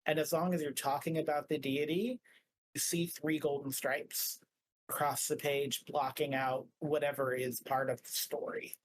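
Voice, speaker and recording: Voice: mid-range voice, flat delivery, normal speed, rough recording. A game master narrating a tabletop game in a rambling casual way, full of filler words.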